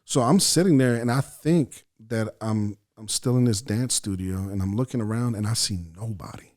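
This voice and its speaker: A man's voice: lowish voice, moderate pace, a little mellow. A middle-aged man from El Salvador, a podcast guest, telling a long story in casual chat, full of swearing, and acting out his own thoughts as he goes. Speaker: podcast guest, actor and writer.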